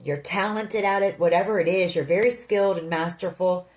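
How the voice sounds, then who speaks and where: A woman's voice: lowish voice, brisk, background noise. A woman giving a tarot reading, speaking earnestly and directly to the listener. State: emotional. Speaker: tarot reader.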